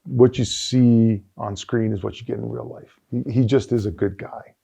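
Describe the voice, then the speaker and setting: A middle-aged man with a gravelly, mellow voice tells animated stories as an interview guest, full of fillers and restarts. The recording sounds dull and lo-fi. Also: medium pitch, normal speed. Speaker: guest, sales executive and former football player. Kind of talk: casual interview storytelling.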